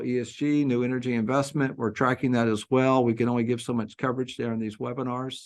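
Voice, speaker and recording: A man hosting a business webinar as an industry analyst, speaking in a measured, businesslike way over a video call. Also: mid-range voice, darkish tone. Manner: measured, businesslike, wraps up with announcements.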